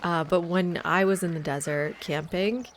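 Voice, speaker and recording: A woman's voice: on the low side, fairly even intonation, moderate pace, a little hiss or hum. Chatty woman streaming a game. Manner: chatty, amused asides. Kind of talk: casual gameplay commentary.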